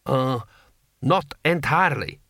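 Brief: man doing a hesitant warlord, slow and creaky, audiobook. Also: medium pitch, animated, sharp tone, dry recording, clean studio sound, heavily acted. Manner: hesitant, stumbling. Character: nervous, hesitant male warlord.

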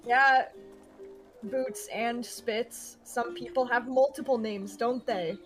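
A woman's voice: a little high, slow, soft background music. A woman player in a tabletop game who talks in a hesitant, playful way with many uhs. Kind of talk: casual tabletop play.

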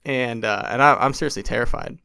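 A man's voice: medium pitch, brisk, creaky, clean tone, dry recording, clean studio sound. A young man telling a long story on a podcast in casual chat, acting out what others said, with lots of "like" fillers. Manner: animated, acts out quotes, many "like" fillers. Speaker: podcast guest.

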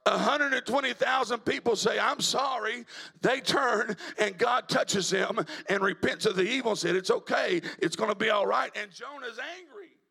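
A male evangelist, preaching a sermon in a church, moving from quiet talk to shouted preaching. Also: high-pitched, moderate pace, vocal fry, husky. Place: church sanctuary.

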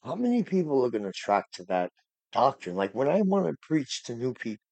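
A man hosts a casual faith podcast in a dark, mellow voice. He rambles earnestly and gets heated when he talks about preachers. The sound is dry and close, with no room echo. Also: mid-range voice, very animated, a little fast, vocal fry. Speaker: podcast host.

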